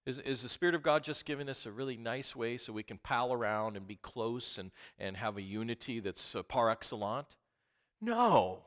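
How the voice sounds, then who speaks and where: A man preaching a sermon who reads scripture and questions his listeners, dropping to a whisper and then rising to loud outbursts. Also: mid-range voice, fairly even intonation, a little fast, hardly any pauses. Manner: swings from hushed whispers to loud impassioned outbursts.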